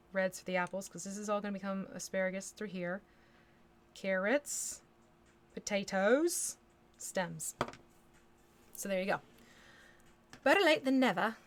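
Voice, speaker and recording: A woman's voice: medium pitch, a little slow, long pauses. A woman from the States hosting a miniature painting livestream, chatting casually and thinking aloud as she works, with little hummed nonsense syllables. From United States. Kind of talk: casual chat while painting live.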